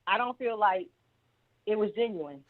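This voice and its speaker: A woman's voice: mid-range voice, animated, measured pace. A woman calling in to a talk show, giving her opinion in a rambling, opinionated way. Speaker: caller. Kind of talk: call-in opinion. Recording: tinny phone line.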